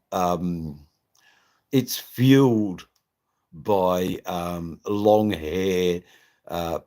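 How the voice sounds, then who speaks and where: Deep, slow man rambling crudely. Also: darkish tone. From Australia. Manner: rambling, crude and jokey, with frequent ums and laughs. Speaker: livestream host. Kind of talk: casual live-stream chat.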